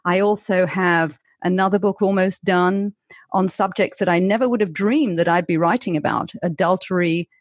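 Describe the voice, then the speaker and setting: British rp lady, former broadcaster, lively and wry, dry close sound. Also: lowish voice, moderate pace, no room sound. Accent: English received pronunciation. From Britain. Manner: articulate, lively, wry humor. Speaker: guest, author and former broadcaster. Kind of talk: interview conversation.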